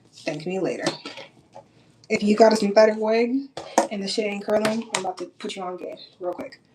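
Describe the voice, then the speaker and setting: A woman with a mid-range voice speaks over background noise. She's a young vlogger from Minnesota, blunt and lively, swearing freely while she talks directly to viewers in a laid-back get-ready-with-me chat.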